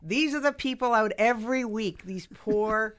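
A middle-aged woman hosts a comedy talk show from a radio studio. Her voice is bright and ringing, and her manner is playful and gushing. She chats casually with her guests. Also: fairly high pitch, moderate pace. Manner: gushing and playful, laughs easily.

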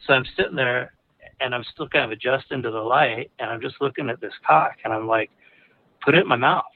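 A man's voice: mid-range voice, fairly quick. A man casually telling a personal story, rambling with lots of fillers and restarts. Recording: narrow phone-like audio.

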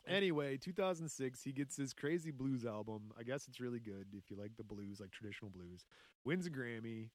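Guy on a podcast running through a story, jokey, lots of laughing, lively up and down voice. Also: medium pitch, a little fast, no room sound. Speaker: podcast host telling a true story. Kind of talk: casual chat.

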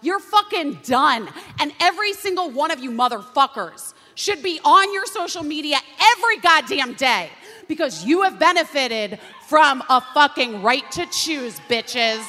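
A woman, an actress guest on a talk show, giving a fiery, profane comic rant that breaks into shouting. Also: high voice, big pitch swings, measured pace. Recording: reverberant hall.

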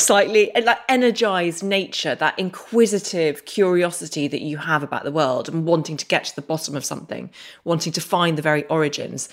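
A woman hosting an interview podcast, effusive and thoughtful as she puts questions to her guest. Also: fairly low pitch. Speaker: podcast host.

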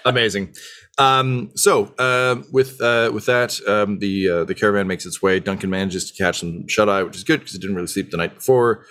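A man runs a tabletop game, narrating scenes with plenty of pauses and filler words. His voice is very low. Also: a bit bright. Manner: hesitant, full of ums and uhs. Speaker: game master.

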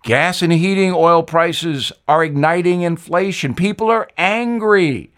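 A man's voice: measured pace, a bit bright. A man voicing the scolding ghost of an older former president with a Southern accent. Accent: American Southern. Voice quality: booming, scolding.

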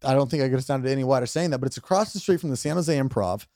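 A man's voice: mid-range voice, racing, darkish tone, dry recording, clean studio sound. A man hosting a podcast and chatting casually, telling a story and acting out his drunk younger self. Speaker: podcast host, comedian.

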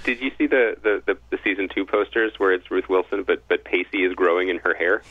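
A man from the Philadelphia area, a guest on a podcast, quick and wry with self-deprecating humor. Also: deep voice, steady tone, no room sound. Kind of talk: casual pop culture chat. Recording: thin phone-line audio.

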